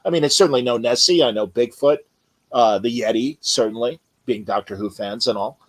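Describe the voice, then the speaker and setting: A man hosts a casual interview at an average pitch. He asks eager, rambling questions and keeps restarting his sentences. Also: fairly quick, low-quality recording. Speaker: podcast host.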